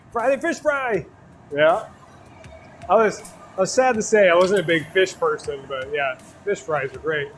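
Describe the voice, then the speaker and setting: A man from Wisconsin with a Wisconsin accent, chatting casually while he works at glassblowing on a livestream, relaxed and quick to laugh. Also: fairly high pitch, a little hiss or hum. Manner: relaxed, laughs often, chats while working. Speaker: glassblower streaming his work. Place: glassblowing studio.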